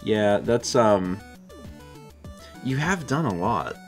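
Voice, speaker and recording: A young man hosts a live stream in a lowish, relaxed voice. He reads viewer messages aloud and chats about them. Faint music sits behind his voice. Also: slow pace. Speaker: stream host. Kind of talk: casual chat reading viewer messages.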